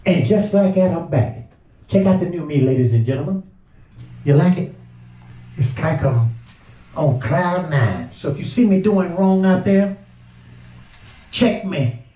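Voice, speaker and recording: An older man from Georgia talks casually to his viewers, excitable and full of exclamations. His voice sits a little high for a man. The sound bounces around an echoey room. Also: unhurried, pauses often. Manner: chatty, excitable, exclaiming over the food. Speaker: home cook vlogger. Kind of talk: casual cooking chat to camera.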